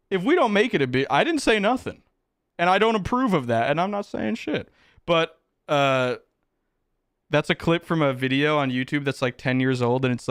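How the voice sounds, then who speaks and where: A man's voice: mid-range voice, clear, resonant tone, no room sound, clean studio sound. A man streaming live, chatting casually with his chat, joking and swearing as he reacts. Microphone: close desk mic with headphones.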